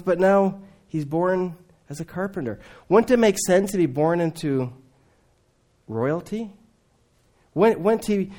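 A man preaching a sermon, swinging between loud emphatic lines and hushed, low asides.

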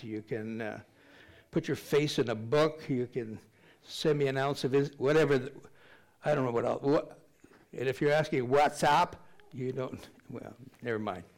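Speaking at medium pitch with a somewhat mellow tone, this older pastor delivers a sermon. Scripture readings mix with conversational storytelling and meandering jokes at his own expense.

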